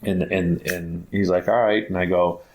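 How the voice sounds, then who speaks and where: A man's voice: low-pitched, flat delivery, normal speed, darkish tone. A middle-aged man, a guest on a podcast, telling a casual rambling story full of "like" and restarts, acting out the dialogue he quotes. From Ohio, United States. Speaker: guest, basketball academy founder.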